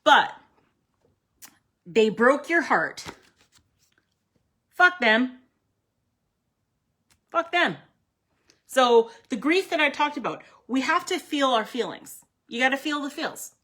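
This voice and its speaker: A woman's voice: high-pitched, very animated, a little slow, pushed and bright, slightly rough. A woman giving a live tarot reading, talking bluntly and emphatically, swearing freely and chatting with viewers by name. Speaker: tarot card reader.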